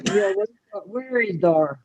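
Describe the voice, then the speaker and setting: A woman's voice: mid-range voice, expressive, slow pace, noisy background. A woman in casual group chat, mostly murmuring agreement and slipping in dry teasing. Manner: short backchannels, dry teasing.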